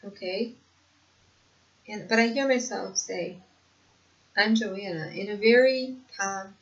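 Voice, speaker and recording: A woman's voice: mid-range voice, takes it slowly. An older woman talking earnestly in a casual home video monologue, repeating herself for emphasis and laughing often. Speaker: vlogger sharing lived experience. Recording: dull lo-fi home recording.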